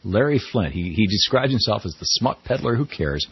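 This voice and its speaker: A man's voice: on the low side, animated, fairly quick, husky, dry recording, muffled recording. A middle-aged man hosting a radio talk show, giving wry, conversational commentary on the news. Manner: wry, conversational, quotes people in mock voices.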